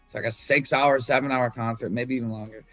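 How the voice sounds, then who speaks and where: Speaking briskly in a steady, medium-pitched voice, a musician talks about songwriting for his album, candid and relaxed, with plenty of swearing and fillers. The recording has no echo, and faint music plays behind him.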